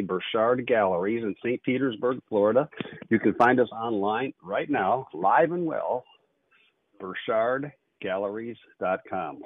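A man hosting a call-in radio show with fast, upbeat auctioneer patter. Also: lowish voice, no room sound. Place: radio studio. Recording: phone-like narrow band.

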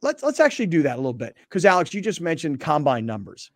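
A man hosting a sports radio show, telling stories in a casual, animated way and acting out both sides of old arguments. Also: on the high side, fast, no room sound. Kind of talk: casual storytelling chat.

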